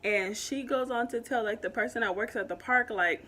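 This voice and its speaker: Young woman vlogger with a brightish, higher voice: an animated storyteller full of "like" fillers. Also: normal speed. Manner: animated, many "like" fillers, grows loud when upset. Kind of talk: casual storytime chat.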